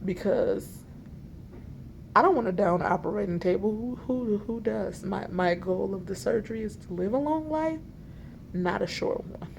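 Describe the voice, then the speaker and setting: Woman vlogger, mid-pitched, gravelly fry, exasperated storytelling, self-filmed indoors. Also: moderate pace, a little hiss or hum. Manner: animated, exasperated retelling with quoted dialogue. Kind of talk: storytime vlog. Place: hospital library, indoors. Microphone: self-filmed camera.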